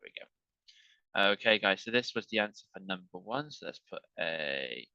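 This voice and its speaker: A man's voice: low-pitched, lively intonation, sharp tone, no echo, highs cut off. A man teaching an online English lesson, talking patiently and checking in with "okay" as he works through examples. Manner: slow, patient, repeats with "okay".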